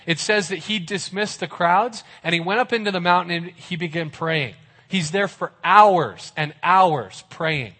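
Man, pastor, sermon, fairly high voice, vivid storyteller, casual asides. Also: measured pace, bright, forceful tone.

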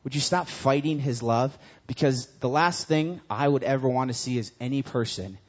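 A man preaching a sermon in a casual, conversational way, telling stories with lively animation. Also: mid-range voice, moderate pace. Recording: dull lo-fi recording.

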